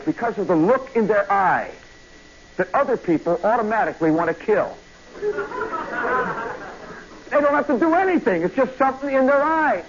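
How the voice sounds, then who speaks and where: High-voiced man spinning a rambling yarn. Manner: rambling, animated, many asides and "you know"s. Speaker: radio host. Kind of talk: radio storytelling monologue. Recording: muffled old radio broadcast with faint hiss.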